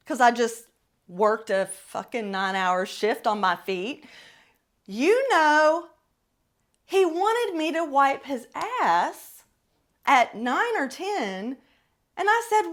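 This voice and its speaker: A middle-aged woman hosting a podcast, telling a personal story in a blunt, profane, animated way. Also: high-pitched, slow. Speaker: podcast host. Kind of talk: casual storytelling monologue.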